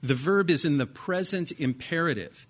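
A man's voice: on the high side, normal speed, slightly rough. A middle-aged man preaching a sermon in an earnest, conversational way, repeating himself and asking rhetorical questions. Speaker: pastor.

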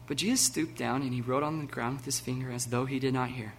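A man preaching a sermon, animated and laughing, acting out the scenes with sudden loud bursts. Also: medium pitch, brisk, few pauses, a little hiss or hum. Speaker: pastor.

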